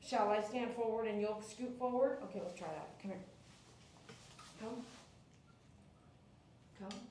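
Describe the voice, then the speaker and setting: A woman's voice: a little high, unhurried, a little mellow, slight background noise. Cheery woman groomer cooing at a dog. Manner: coos and baby-talks to the dog, bursts into cheers. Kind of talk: live grooming chat with viewers. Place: grooming salon. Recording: echoey room.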